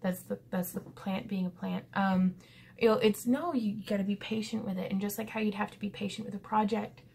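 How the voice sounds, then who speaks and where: A woman's voice: mid-range voice, fairly even intonation, a little fast, vocal fry, darkish tone, slight background noise. A woman in her thirties talking to her viewers in a casual, reflective vlog, earnest and rambling with lots of fillers. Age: 30s. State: pensive. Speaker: vlogger.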